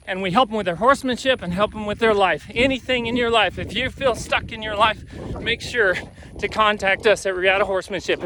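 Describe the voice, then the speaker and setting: A horse trainer telling a folksy joke while riding a horse outdoors. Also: male voice, very high-pitched, pushed and bright, a little hiss or hum, low-quality recording. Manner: folksy, easygoing.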